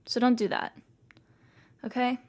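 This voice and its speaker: A woman's voice: on the high side, level tone, a little slow, a little mellow. Chatty young woman podcast host. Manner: chatty, reassuring, self-talking with many "like"s. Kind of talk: casual self-help talk.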